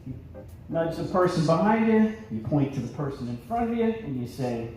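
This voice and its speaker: A man doing a stand-up comedy set on a theater stage, brash and slipping into gruff voices for his bits. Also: sits high, very animated, a little fast, very echoey, recorded from a distance, music in the background, poor audio. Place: large theater stage with live audience.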